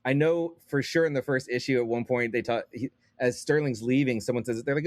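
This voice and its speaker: A man chatting as a guest on a podcast, rambling and animated, with many fillers and restarts. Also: mid-range voice, brisk, no room sound, studio quality. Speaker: guest comic book writer. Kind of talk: casual podcast chat.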